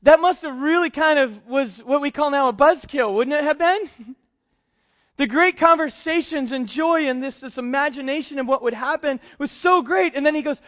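A man's voice: very high voice, normal speed, a bit bright. A male pastor preaching a sermon in a conversational way, chuckling often as he explains scripture. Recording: dull lo-fi sound.

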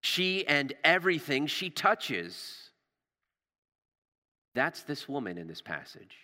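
A male pastor delivers an impassioned sermon in a bright, ringing voice. His pitch rises and falls widely, and he drops to near-whispers for emphasis. The sound carries the long reverb of a large hall. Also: big pitch swings, takes it slowly. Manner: impassioned, repeats words, drops to hushed emphasis.

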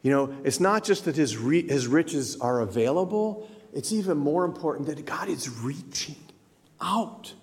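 A man giving a conversational sermon as pastor, animated and acting out people's inner thoughts. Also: fairly high pitch, normal speed, hardly any pauses. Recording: long hall reverb.

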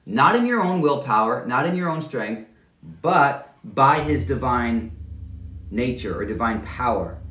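A man's voice: mid-range voice, expressive, measured pace, bright, forceful tone, echoey room, distant mic. A man preaching a sermon as pastor, conversational and self-deprecating, often restarting and stammering over his words.

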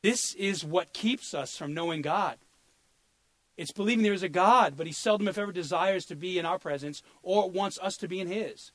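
A man's voice: high-pitched, moderate pace, fairly bright tone, no room sound. Earnest man preaching a sermon. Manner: earnest, repeats words when searching for them. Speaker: pastor.

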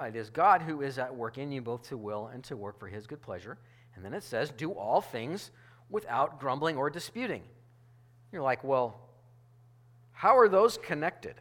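A man's voice: a little high, fairly bright tone. A male pastor delivering a sermon in a conversational, emphatic way, often restarting his phrases.

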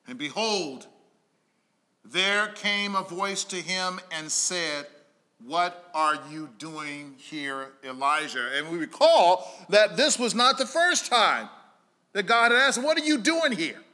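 A male pastor preaches with a high-pitched, brightly ringing voice. He tells stories to his congregation, dropping into quiet, hushed stretches before rising back to emphatic calls. His delivery has the rhythm of a storytelling preacher. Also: sing-song, slow. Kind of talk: sermon.

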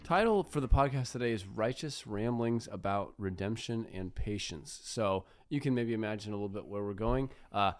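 A man's voice: fairly low pitch, moderate pace, hardly any pauses. A man hosting a church podcast, opening the show in an upbeat, lightly teasing way. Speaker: podcast host.

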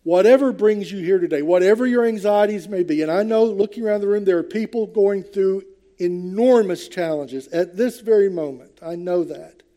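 Older man, pastor, sermon in church, high voice, earnest, conversational, hesitant. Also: normal speed, mellow. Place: church, before a congregation.

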